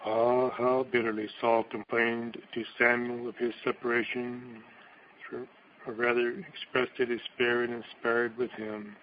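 A man's voice: mid-range voice, flat delivery, unhurried, highs cut off, slight background noise. A man reading a sermon aloud in a solemn, declamatory manner, voicing quotations dramatically. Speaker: preacher.

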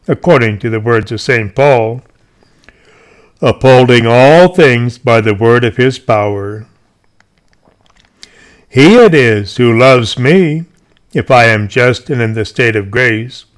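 Slow, solemn male sermon reader. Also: medium pitch. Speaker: preacher. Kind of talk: reading a sermon aloud.

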